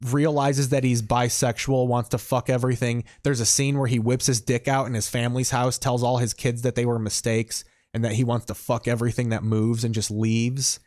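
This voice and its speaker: A man's voice: medium pitch, flat delivery, moderate pace, hardly any pauses, darkish tone, no room sound, clean studio sound. A man in casual chat, walking a co-host through a TV show's plot and swearing freely. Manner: explains a TV show plot at length, swears casually. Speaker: podcast co-host.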